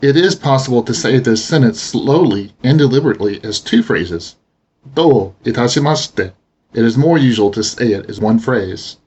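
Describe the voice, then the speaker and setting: A man teaching a language lesson, explaining pronunciation slowly and deliberately. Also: mid-range voice, expressive, a little mellow, breathy edge. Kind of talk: instructional narration.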